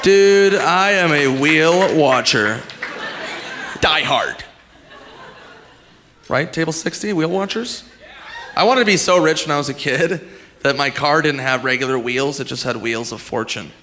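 A man doing a stand-up comedy set, swinging into loud shouted impressions. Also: on the high side, a little slow, long pauses, a crowd in the background, background noise. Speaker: stand-up comic.

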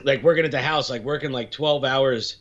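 A man's voice: mid-range voice, a little fast, dull audio. A man chatting casually as a podcast guest over an internet call, laid-back and rambling, often laughing. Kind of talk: casual chat.

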